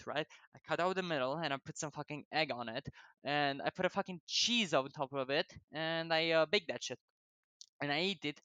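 A man's voice: fairly high pitch, bright, forceful tone, no echo, lo-fi sound. A young man with a non-native English accent telling rambling, profane stories about his life, often laughing and digressing. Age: young adult. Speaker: vlogger. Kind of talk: rambling casual storytelling.

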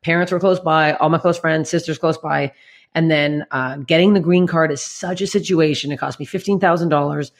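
A woman's voice: low-pitched, fairly even intonation, a little fast. A woman comedian in her late thirties, telling candid stories as a podcast guest, blunt and swearing constantly. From Canada.

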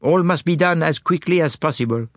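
A man voicing a fussy, proud detective with a French accent, excitable and theatrical, in a dry, close reading. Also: a little high, a little fast, dry recording, voice pushed up, natural voice. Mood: brisk.

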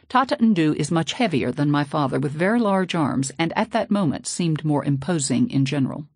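A woman narrating a novel in the first person, steady and low-key, close to the mic. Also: breathy edge, no echo. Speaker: audiobook narrator. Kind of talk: audiobook narration.

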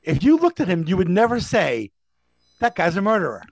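Co-host, male: high and lively voice with gravel, stammers, dry sound. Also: brisk, dry recording, rough recording. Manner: stammering, polite interjections. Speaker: radio talk show co-host. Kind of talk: casual chat.

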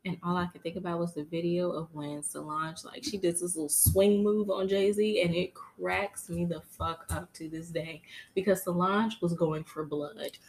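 A woman co-hosting a casual podcast, telling stories in an animated, dramatic way with lots of cursing. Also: on the low side, normal speed. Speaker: podcast co-host. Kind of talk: casual chat.

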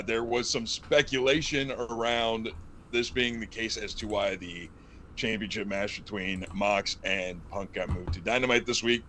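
Podcast co-host, male, bright forceful voice, animated and jokey. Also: mid-range voice, slight background noise. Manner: animated, jokey, rambling asides. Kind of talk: casual wrestling chat.

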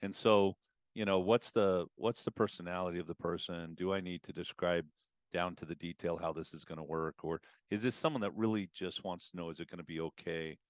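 A man talking as a guest on a podcast about customer communication, casual and animated, acting out customer conversations. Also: low voice, fairly quick, dry recording, clean studio sound. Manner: animated, acts out customer and advisor exchanges. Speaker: automotive business consultant guest.

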